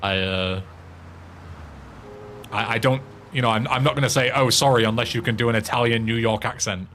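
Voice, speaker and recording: A man's voice: mid-range voice, fairly even intonation, moderate pace, a bit bright, slight background noise. An English man streaming a game, chatting casually in a rambling way with frequent swearing and restarts. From England. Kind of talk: casual chat while playing a game.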